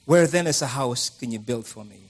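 A man's voice: mid-range voice, normal speed. A middle-aged man preaching a conversational sermon, acting out the voices of the people he quotes.

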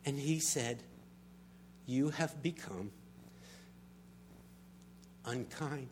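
A man's voice: medium pitch, very slow, background noise. A middle-aged man preaching a sermon, telling personal stories and building to emphatic passages. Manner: storytelling, builds to emphatic swells. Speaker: pastor.

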